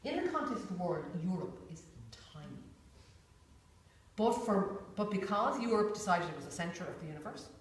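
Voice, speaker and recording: A woman of medium pitch leads a workshop at a moderate pace, her speech sing-song. She chats informally with the group, often saying "you know" and putting on little voices. The big echoey room and a far-off room mic leave the recording reverberant, with a faint hiss.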